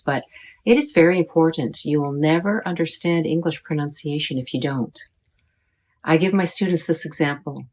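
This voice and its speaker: Slow, low-voiced woman teaching pronunciation. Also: darkish tone. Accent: American. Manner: deliberate, modeling sounds for learners. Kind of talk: slow, careful pronunciation lesson.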